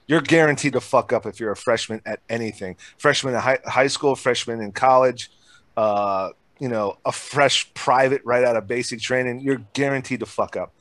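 A man's voice: medium pitch, normal speed, fairly bright tone, no room sound. Profane, laid-back storytelling man. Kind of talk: casual storytelling chat.

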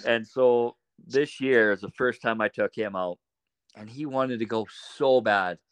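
A man on a podcast as a guest, telling animated anecdotes in a casual way and laughing often. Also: mid-range voice, a little slow, smooth, no room sound. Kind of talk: casual storytelling.

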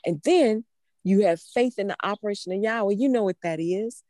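A woman's voice: mid-range voice, moderate pace, warm tone, no echo. A woman preaching a sermon in a fervent, emphatic way, repeating phrases for stress. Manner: fervent, emphatic, with emotional laughs.

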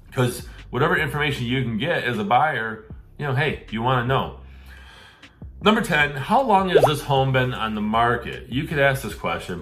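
Hosting a real estate advice show, a middle-aged man speaks casually with a fairly low, fairly bright voice. He acts out the questions he would ask a seller in a conversational way.

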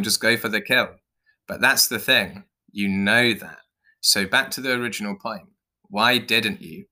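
A man's voice: fairly low pitch, pushed and bright. A man voicing a blunt, foul-mouthed male owl who preaches about being a predator. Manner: pushy, preachy, swearing.

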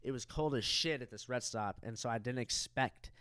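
A young man co-hosting a podcast, telling a crude story in a loose, animated way and acting out the people in it. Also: medium pitch, moderate pace, no echo, clean studio sound. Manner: animated, profane, acts out quoted people. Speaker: podcast co-host.

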